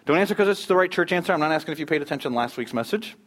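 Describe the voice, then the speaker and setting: A man's voice: on the high side, expressive, rapid-fire, a bit bright. A man preaching as pastor, moving from church announcements and prayer to a joking game that quizzes the congregation. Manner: upbeat, joking, quizzes the crowd. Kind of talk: church announcements, prayer and playful audience sermon opener.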